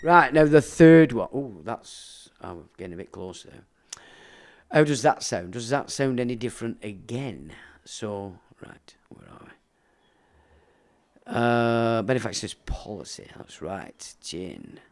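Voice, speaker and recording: Ranting man, lively pitch. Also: slow pace. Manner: crude, ranting, profane; laughs while talking. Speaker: livestream host. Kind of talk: casual livestream chat, reading viewer comments.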